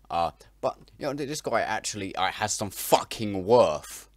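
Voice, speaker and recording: A man's voice: on the low side, expressive, normal speed, few pauses, no room sound. A man hosting a reaction video, making crude, mocking jokes and stumbling over his words. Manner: mocking, stammering, bursts into loud laughter. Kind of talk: profane comedic reaction commentary.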